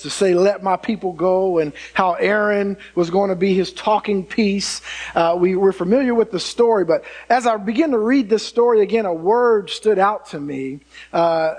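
High-voiced preacher man. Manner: storytelling preacher, voices the people in his stories; stretches key words for emphasis. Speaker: pastor. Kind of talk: sermon.

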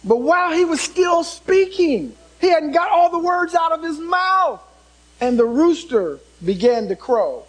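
A man preaching a sermon, turning dramatic as he swings from loud emphasis to hushed tones and puts questions to the congregation. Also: extremely high pitch, lively intonation, measured pace, rough recording.

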